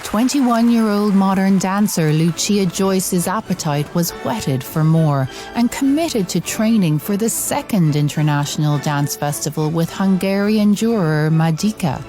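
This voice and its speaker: A woman reading a scripted documentary narration in a measured, deliberate way, with soft music underneath. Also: medium pitch, expressive.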